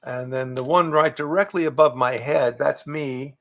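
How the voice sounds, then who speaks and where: This is an older man, a voice actor, chatting with fans on a livestream from his home. He reads their questions aloud and answers in a loose, rambling way. His voice is gravelly and sits at a middle pitch. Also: moderate pace, fairly bright tone, a little hiss or hum. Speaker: voice actor and improv teacher. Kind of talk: casual livestream chat with fans. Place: home, in front of pictures on the wall. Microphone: livestream webcam setup.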